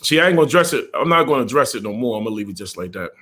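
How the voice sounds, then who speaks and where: A man's voice: mid-range voice, animated, very fast, fairly bright tone. A middle-aged man hosting a live stream, a truck driver ranting bluntly, repeating himself and greeting viewers. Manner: blunt, repetitive, greets viewers mid-rant.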